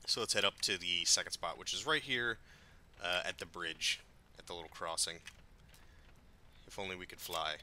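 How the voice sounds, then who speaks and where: Dude doing let's-play commentary, low voice but super sharp and bright, swears a lot. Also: male voice, normal speed, pauses often, slight background noise. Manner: profane, excitable, rambling. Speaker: gameplay commentator.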